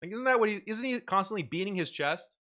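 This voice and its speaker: Bright-voiced mocking male host. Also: sits high, lively intonation, fast. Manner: mocking, combative, laughs at his own points. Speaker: show host. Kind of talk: argumentative commentary.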